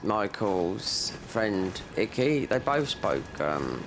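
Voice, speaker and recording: A man with a southern English accent talks casually while he plays a video game, his voice on the low side. He rambles, trails off and fills gaps with ums. Loud game sounds, like surf and boats, run under him. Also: big pitch swings, very slow, background noise. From Surrey, England. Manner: chatty and rambling, many ums and trailing thoughts. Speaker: gameplay streamer. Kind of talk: casual gameplay commentary.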